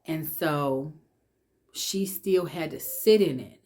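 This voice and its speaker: A woman telling her personal testimony in an emotional, conversational way, restarting often and dropping to a hush when she relives fear. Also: deep voice. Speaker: vlogger sharing her testimony.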